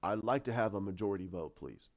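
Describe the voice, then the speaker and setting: Batman, as a man puts him on, low and curt. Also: lively intonation, fast, vocal fry. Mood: dry. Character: gruff brooding male superhero detective. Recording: dull lo-fi sound.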